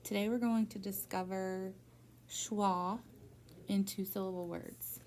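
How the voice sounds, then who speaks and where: A young woman works through a phonics lesson one-on-one, patient and encouraging, prompting with steady questions. Her voice has a slight gravelly edge and a mellow, dark tone. Faint background noise sits under the recording. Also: mid-range voice, slow pace. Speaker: reading teacher.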